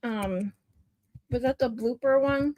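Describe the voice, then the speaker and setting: A chatty woman hosts a livestream and giggles easily. Her voice sits a little high, with a dry, close sound and no room echo. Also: slow, darkish tone. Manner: giggly and chatty, laughs a lot. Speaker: livestream host. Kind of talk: casual chat.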